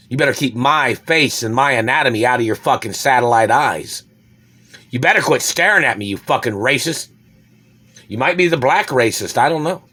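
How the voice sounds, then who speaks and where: A man delivering an angry, swearing monologue, repeating accusations and swinging between shouting and low muttering. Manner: furious, swearing, repetitive accusations. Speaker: vlogger.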